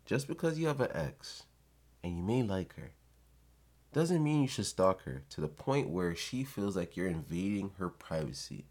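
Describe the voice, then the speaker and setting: A man's voice: low voice, big pitch swings, moderate pace, darkish tone. A man giving blunt, profane advice in a casual rant to his viewers.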